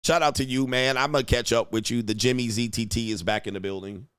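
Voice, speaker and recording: A man's voice: medium pitch, fairly even intonation, quick pace, a bit bright, clear, resonant tone. A young adult man, a dating coach, hosts a casual livestream, reading out viewer donations and commenting in a blunt, slangy, profane way.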